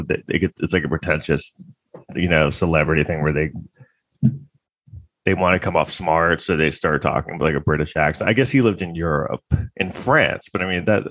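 A man's voice: deep voice, a bit bright, no room sound. A man delivering a comedic monologue in a crude, sarcastic, rambling way, full of fillers and restarts.

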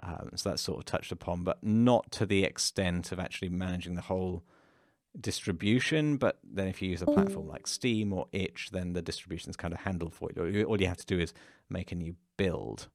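A man from England, co-hosting a casual livestream Q&A, answering viewer questions in a relaxed, explanatory way with dry humor. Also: deep voice, brisk, vocal fry, dry recording. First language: English. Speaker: course creator and co-host.

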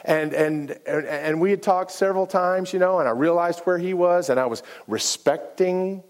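A man's voice: high-pitched, moderate pace. A middle-aged man, a pastor, telling a personal story in a sermon, stumbling over restarts and acting out the dialogue. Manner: animated and repetitive, many restarts, acts out dialogue.

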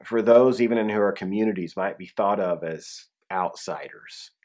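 A man's voice: low voice, normal speed, darkish tone. A man preaching a conversational sermon as pastor, with frequent restarts and emphatic drops in his voice.

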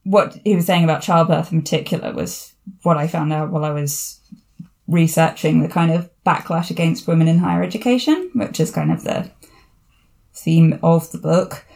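A woman's voice: sits low, moderate pace, vocal fry, darkish tone. A woman hosting a podcast, chatting casually and digressively about a book, often laughing. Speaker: podcast host.

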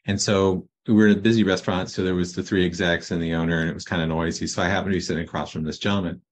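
A man's voice: sits low, fairly even intonation, racing. A man hosting a coaching podcast, telling stories in a casual, conversational way and often tagging his points with "right?". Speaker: practice coaching podcast host.

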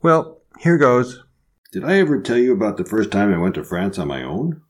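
Deep, lively older Midwestern man. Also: fast. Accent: Midwestern American. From American Midwest. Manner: animated, teasing, theatrical. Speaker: podcast co-host. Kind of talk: casual comic chat and storytelling.

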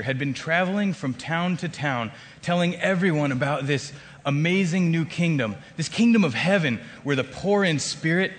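A man telling a dramatic first-person story in an expressive, emphatic way with wry asides. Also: mid-range voice. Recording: long hall reverb.

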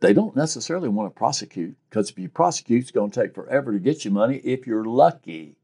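This private investigator's medium-pitched voice is fast and gravelly, with a breathy edge. In an interview he tells stories animatedly, acting out each quote with life.

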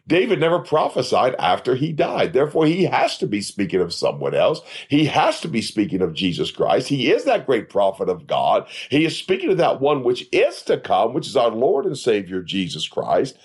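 A man's voice: medium pitch, wildly swooping pitch, moderate pace, few pauses, breathy edge. A man teaching a Bible study on his podcast, preaching earnestly and quoting scripture in old-fashioned wording. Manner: earnest preaching with rising emphatic peaks.

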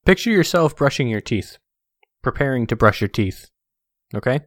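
A podcast co-host in casual chat, teasing and dry, reading a comic out in a deadpan way. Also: medium pitch, moderate pace, no room sound.

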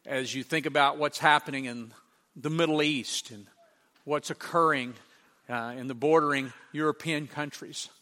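A man's voice: a little high, steady tone, normal speed, bright, forceful tone, long reverb tail. A man preaching a sermon, building to emphatic rhetorical questions. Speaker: pastor.

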